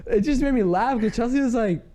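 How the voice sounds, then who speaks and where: A man co-hosting a podcast, telling a story in casual chat, animated and laughing often. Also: extremely high pitch, a little fast. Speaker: podcast co-host.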